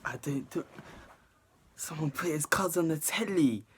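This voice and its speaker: A man giving casual, animated reaction commentary as a video host, exclaiming often. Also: a little high, unhurried, slightly rough. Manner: animated, exclaiming and laughing between remarks. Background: faint music.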